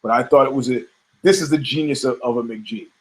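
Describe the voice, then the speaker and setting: A podcast host with a mid-range voice talks fairly quickly, offering brash, profane, rambling opinions on fights. He restarts his sentences many times in this casual commentary.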